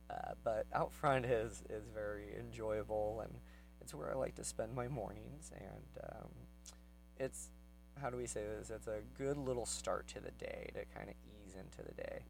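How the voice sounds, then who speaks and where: Gravelly man rambling through a story. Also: fairly low pitch, darkish tone, rough recording. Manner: rambling, lots of fillers, grows heated and fast when retelling his anger. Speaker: vlogger telling a personal story. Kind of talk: casual storytelling.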